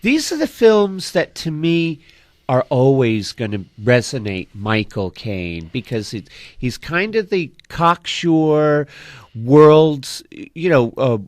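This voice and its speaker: A man's voice: a little high, very animated, slow pace, no echo. A man co-hosting a movie talk show, thinking aloud and searching for words as he goes. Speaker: co-host.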